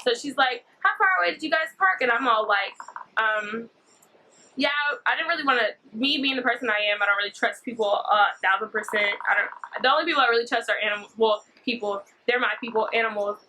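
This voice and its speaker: A woman's voice: fairly high pitch, fairly quick, bright, forceful tone, slight background noise, low-quality recording. A young woman rambling through a story-time vlog, full of fillers. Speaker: vlogger.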